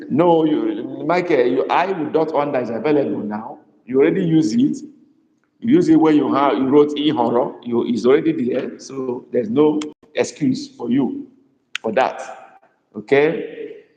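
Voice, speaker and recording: Slow-speaking male language tutor. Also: medium pitch, dark tone, muffled recording. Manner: patient, repeats phrases slowly for students. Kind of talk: live online language class. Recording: echoey room with long reverb.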